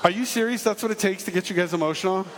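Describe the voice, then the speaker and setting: On stage in a large hall, a man gives a jokey storytelling talk as a testimony to a live audience, acting out the people in his story. His voice is high and rapid-fire, and he's animated throughout. The reverberant hall has faint ambience and a noisy background.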